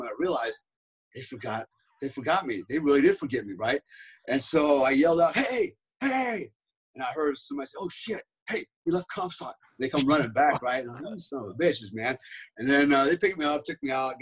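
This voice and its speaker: A man's voice: medium pitch, husky, low-quality recording. A man, a podcast guest and former special forces soldier, telling a rambling story in casual talk, peppered with "right?" and "man".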